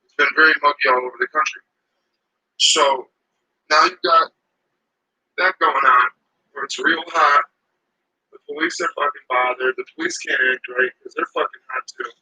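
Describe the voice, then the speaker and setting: A man rants loosely and heatedly, swearing often. His voice is husky and very tense and sharp. His pitch swings widely as he talks. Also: big pitch swings, normal speed, pauses often, low-quality recording. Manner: profane, heated and rambling. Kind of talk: casual rant to camera.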